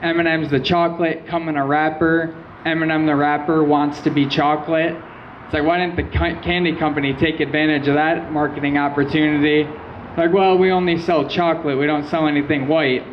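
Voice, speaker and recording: A young man doing stand-up in a small live venue, his voice sitting a little high for a man. He tells his stories deadpan, slipping into quoted asides. The recording is muffled and lo-fi, with a faint hum of room noise behind him. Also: fairly quick. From Michigan. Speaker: stand-up comedian. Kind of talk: stand-up set.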